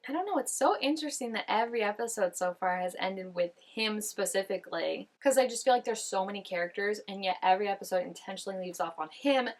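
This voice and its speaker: A woman's voice: medium pitch, fast talker, hardly any pauses. Chatty young woman reacting to TV. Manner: chatty, musing, heavy on "like" and "I don't know". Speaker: TV reaction host. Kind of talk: casual reaction commentary.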